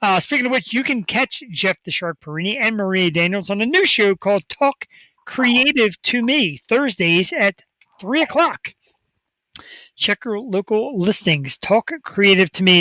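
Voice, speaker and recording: Excitable high-voiced male host. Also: no room sound, rough recording. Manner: excitable, rambling hype. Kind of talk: casual talk show chat.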